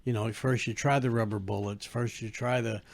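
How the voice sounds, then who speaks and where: Male comedian guest, gravelly voice, halting and thoughtful in chat. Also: medium pitch, steady tone. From United States. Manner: hesitant, repeats words, measured. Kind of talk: casual chat.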